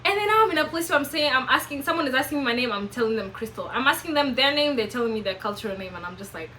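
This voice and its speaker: A woman's voice: sits high, expressive, rapid-fire, bright, forceful tone, a little hiss or hum, rough recording. A young woman with a Kenyan accent talking earnestly to camera in a reflective personal vlog, asking herself question after question. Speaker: vlogger.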